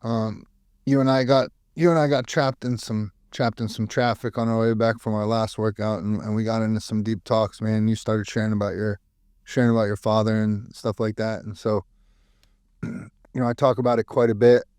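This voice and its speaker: A man's voice: on the low side, flat delivery, moderate pace, darkish tone, smooth, no echo, clean studio sound. A man hosting a podcast interview in a laid-back, conversational way, speaking casually to his guest. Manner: laid-back, calls guest dude, many fillers. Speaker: podcast host.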